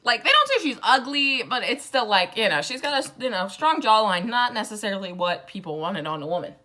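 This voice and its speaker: A woman's voice: a little high, sing-song, a little fast, pushed and bright. A drunk young woman rambling through a casual, profane book summary with sarcastic asides. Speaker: book vlogger.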